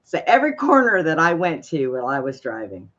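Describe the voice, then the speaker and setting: A woman's voice: low voice, big pitch swings, brisk, a bit bright, dull audio. A woman hosting a casual chat show, telling playful, jokey stories. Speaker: host.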